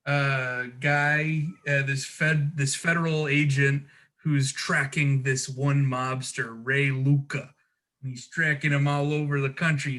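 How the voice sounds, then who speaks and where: A man's voice: on the high side, pushed and bright. A man co-hosting a podcast in a casual, joking chat, with frequent fillers and restarts. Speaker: podcast co-host.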